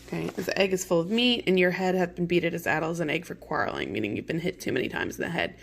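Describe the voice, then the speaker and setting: Her voice is fairly low, creaky, and animated, and she talks fast. As a teacher leading a casual read-along, she reads a play to the class and puts the lines into everyday modern words, chatty and packed with fillers and "okays."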